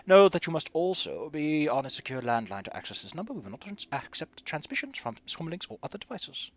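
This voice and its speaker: A man's voice: on the high side, big pitch swings, brisk, a little hiss or hum. A man voicing a formal male lawyer who reads out a notice in stiff legal phrasing.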